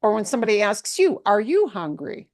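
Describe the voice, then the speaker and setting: A woman leads a beginner language class with patient, steady explanations. She says words slowly so students can echo them and often checks in with a quick "okay?". Her voice sits at a middle pitch and sounds close and dry. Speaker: Spanish teacher.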